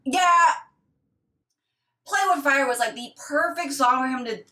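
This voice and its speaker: A woman in her thirties, a retired dancer, reviewing a dance video in a casual, excitable way with gasps and rambling asides. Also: high-pitched, a little slow, reverberant. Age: 30s. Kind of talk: casual reaction commentary.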